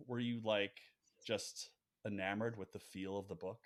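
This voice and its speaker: A man's voice: medium pitch, lively intonation, moderate pace. A man hosting a podcast, reading an upbeat intro and then chatting casually with his guests, stressing key words with big rises. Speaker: podcast host. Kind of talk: podcast intro and interview chat.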